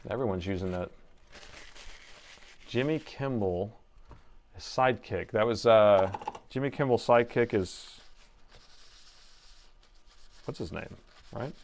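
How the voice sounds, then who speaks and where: A middle-aged man hosting a live repair stream, talking to his chat as he works. He is playful and excitable, jumping from the task at hand to banter with the viewers. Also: lowish voice, slow, pauses often, slight background noise. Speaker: host and laptop repair technician.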